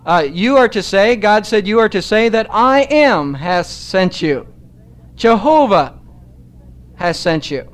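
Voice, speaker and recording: A man preaching a sermon in a measured, emphatic way, slowing down to stress key phrases. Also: high-pitched, a bit bright, clean tone.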